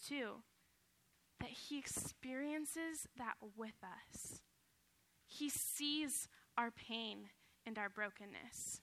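A woman's voice: a little high, pushed and bright. A young woman giving an earnest, heartfelt personal testimony as a sermon, casual and full of fillers.

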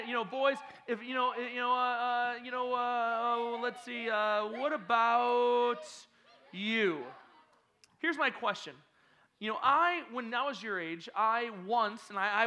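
This is a high-voiced man working as a youth pastor in a church hall, full of energy as he teases the kids and quizzes them with playful questions.

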